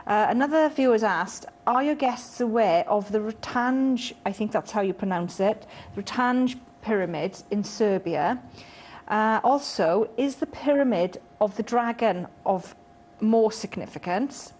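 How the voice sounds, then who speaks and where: A woman reading out viewer texts and questions on a TV talk show, brisk, with filler uhs. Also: mid-range voice, a little mellow.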